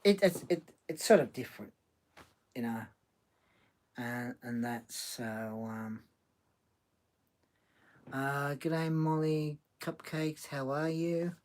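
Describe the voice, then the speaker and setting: Aussie guy doing a live stream, slow and stop-start, reads out the chat, lots of um and you know. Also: a little high, darkish tone. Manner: halting, many restarts and fillers, reads chat comments aloud. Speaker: livestream host reading chat. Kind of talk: casual livestream chat.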